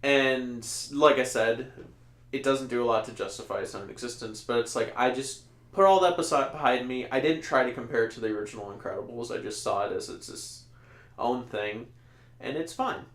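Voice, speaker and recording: A man co-hosting a casual podcast, reviewing a movie in a rambling, animated way and laughing often. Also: medium pitch, a little fast, echoey room. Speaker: podcast co-host.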